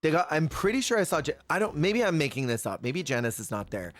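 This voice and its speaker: A man streaming casually while gaming, retelling reality-show moments in an animated way and acting out the quotes himself. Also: fairly high pitch, fast talker, faint music behind. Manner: animated storyteller who acts out quotes. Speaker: Twitch streamer.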